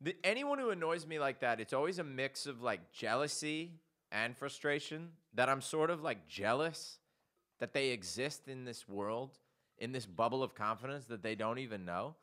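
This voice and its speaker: A man with a bright, forceful voice hosts a relaxed comedy chat. He tells stories with lots of energy and acts out the voices of the people in them. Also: mid-range voice, normal speed. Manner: animated storytelling, acts out quotes. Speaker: podcast host.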